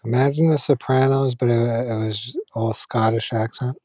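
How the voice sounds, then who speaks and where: Man, casual live-stream chat, mellow dark voice, dry close mic, rambling. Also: mid-range voice, normal speed, dry recording. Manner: relaxed, rambling, frequent fillers and restarts. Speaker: streamer chatting with viewers.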